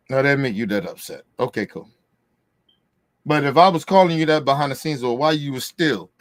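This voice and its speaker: A man hosting a podcast, ranting in a heated, profane way and repeating himself for emphasis. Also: a little high. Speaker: podcast host. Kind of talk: casual ranting commentary.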